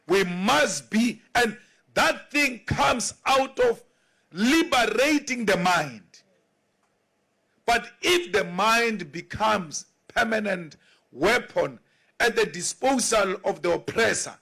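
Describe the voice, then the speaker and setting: A man's voice: high-pitched, lively intonation, slow pace, vocal fry, bright, forceful tone, a faint crowd. A South African man giving an emphatic political speech as a party leader, repeating lines and asking rhetorical questions.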